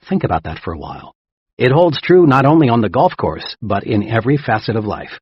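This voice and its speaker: A man narrating a self-help audiobook in a lively, emphatic reading style. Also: medium pitch, a little fast, breathy edge, dry recording. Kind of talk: scripted narration. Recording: dull lo-fi dry recording.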